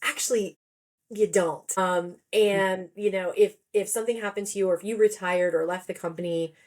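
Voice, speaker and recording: A woman's voice: medium pitch, fairly even intonation, moderate pace, darkish tone. A woman in her forties, a therapist and author, talking in a casual podcast interview and telling her story in a chatty way, acting out the people she quotes.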